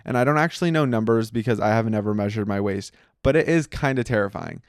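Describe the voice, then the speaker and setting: A man's voice: lowish voice, fast talker, smooth, no room sound, studio quality. A young American man hosting a podcast, talking casually and playfully with many fillers. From United States. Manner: chatty, lots of "like" fillers, playful and giddy. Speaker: podcast host. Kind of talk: casual solo chat.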